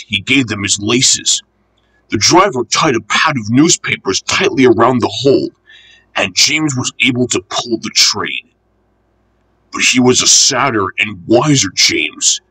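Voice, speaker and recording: Storybook narrator, man, bright and slightly husky, with a lively, animated delivery. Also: lowish voice, slow pace, poor audio. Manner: expressive, lively reading.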